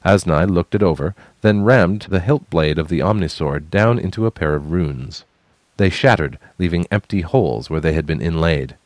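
A man with a very low voice narrates a fantasy story in a measured, even manner. The recording is close and dry, with no room sound. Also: no echo. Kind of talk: scripted fantasy audiobook narration.

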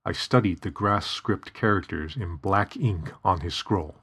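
A man reading a story aloud in steady, even scripted narration. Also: low-pitched, a little slow, husky.

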